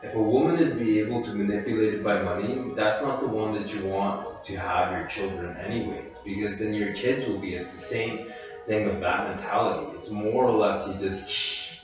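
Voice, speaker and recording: A man's voice: lowish voice, moderate pace. A man giving a rambling solo commentary, reading social media posts aloud and then musing on them freely. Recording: very echoey room with music behind.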